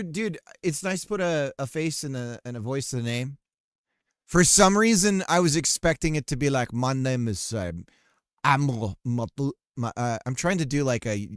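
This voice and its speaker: A man's voice: mid-range voice, clean tone, no room sound, clean studio sound. A man developing a game on a live stream, thinking aloud and chatting casually with his viewers, often trailing off mid-sentence. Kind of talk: casual live-stream commentary while coding.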